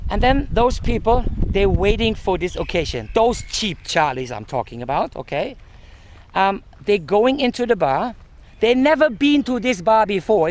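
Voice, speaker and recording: A male vlogger sweating in the heat while he rants outdoors, swearing and stopping to hunt for words. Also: high-pitched. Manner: heated and swearing, often searching for words. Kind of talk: casual ranting monologue.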